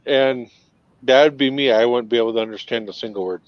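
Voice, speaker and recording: A man's voice: medium pitch, brisk, no echo. A man from Minnesota with a Northern accent, chatting easily on a video call. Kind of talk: casual chat. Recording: dull dry video-call audio.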